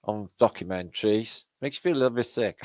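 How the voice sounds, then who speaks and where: A man's voice: lowish voice, darkish tone, no echo. A man hosting his own channel, chatting casually with viewers on a live stream, greeting them by name and swearing freely. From Britain. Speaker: channel host.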